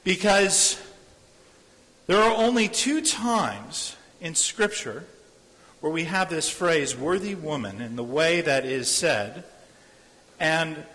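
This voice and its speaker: A man's voice: fairly high pitch, a bit bright. A man preaching a sermon as a pastor. He speaks earnestly, repeats his phrases and acts out the voices of people he quotes. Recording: long hall reverb.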